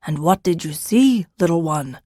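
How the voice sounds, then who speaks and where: A woman voicing a gentle old grandfather in an audiobook, patient and fond in manner. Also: fairly low pitch, lively intonation, normal speed, no room sound, clean studio sound. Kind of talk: audiobook character reading.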